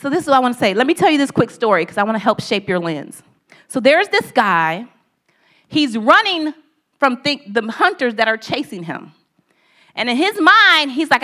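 A woman preaching a sermon with a high voice. She tells the story conversationally, then drives her message home by stacking phrase after phrase. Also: big pitch swings, moderate pace, pushed and bright.

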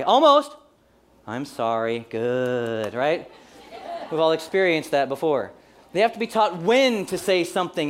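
A male pastor in his forties giving a sermon in a relaxed, conversational way. He keeps things light with humor and acts out small everyday scenes as he goes. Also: a little high.

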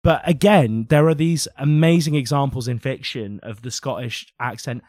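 Animated British man on a podcast. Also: mid-range voice, moderate pace, dry recording, clean studio sound. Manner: animated, opinionated, sweary. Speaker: podcast co-host. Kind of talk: casual podcast chat.

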